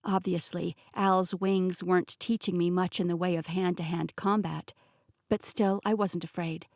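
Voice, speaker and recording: A woman narrating a fantasy audiobook in the first person, with clear and steady storytelling. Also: fairly low pitch, a little slow, dry recording, clean studio sound.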